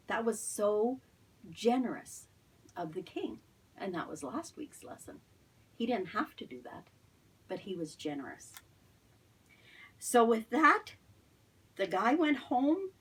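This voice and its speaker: Middle-aged woman, children's Sunday school teacher, husky, a bit off-mic. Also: mid-range voice, recorded from a distance, rough recording. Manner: animated, asks children questions, drops to soft whispers. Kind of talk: storytelling lesson for children.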